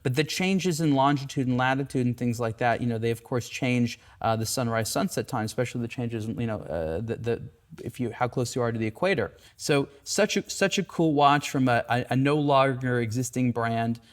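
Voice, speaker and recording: A man's voice: mid-range voice, fairly quick. Chatty man hosting a watch talk. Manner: thoughtful, enthusiastic, with fillers. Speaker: host, watch editor. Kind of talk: casual conversation.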